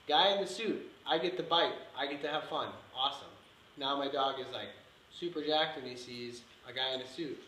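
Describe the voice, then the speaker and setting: A man's voice: on the high side, a bit bright. A man teaching dog training in a live demonstration, talking emphatically and repeating his points. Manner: repetitive, emphatic, marking with "yes". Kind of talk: instructional demonstration. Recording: echoey room with faint background noise.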